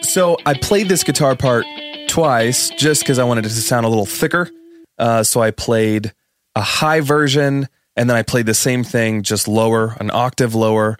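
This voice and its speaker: A man's voice: mid-range voice, moderate pace, no echo. A man co-hosting a podcast in an easygoing, chatty way, laughing now and then as he explains. His voice sits in the middle range and sounds close and dry. Faint music plays underneath. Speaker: podcast co-host. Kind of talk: casual chat about studio production.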